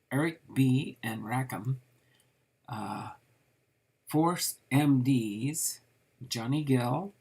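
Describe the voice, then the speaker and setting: Man, card collector host, slow rambling delivery, husky gravelly voice. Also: mid-range voice, a little mellow. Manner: slow, rambling, with frequent fillers while reading names off cards. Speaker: trading card collector reviewing a set. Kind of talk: casual card review.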